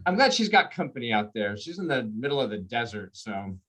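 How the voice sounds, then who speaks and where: A man doing a stand-up comedy set on a video call, telling stories in an animated way and laughing at his own jokes. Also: medium pitch, fairly quick, a crowd in the background.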